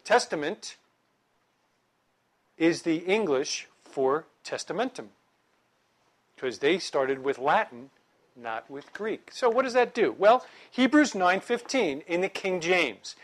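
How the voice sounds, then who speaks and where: A middle-aged man leads a Bible class with a slightly higher voice than most men. He keeps it conversational and lively, tossing questions and jokes to the room as he explains. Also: slow. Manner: lively, conversational, joking with the audience. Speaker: Bible teacher.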